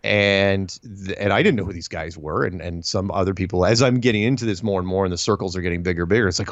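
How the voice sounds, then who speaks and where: Appearing as an interview guest, a low-voiced man tells his story animatedly and quickly, with few pauses, many restarts, and slips into quoted voices. His audio is dry, a bit dull and echo-free, like lo-fi remote sound.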